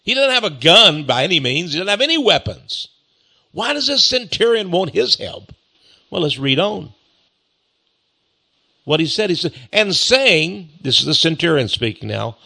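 A man preaching a sermon-style Bible lesson, asking rhetorical questions, repeating words and reading scripture slowly. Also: fairly high pitch, expressive, vocal fry, bright, forceful tone, breathy edge.

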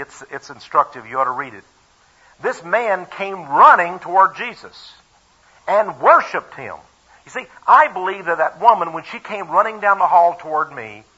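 A man's voice: a little high, sharp tone, slightly rough. A man preaching a sermon and retelling a Bible story in a folksy, emphatic way, with chuckles now and then. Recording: dull, lo-fi radio broadcast.

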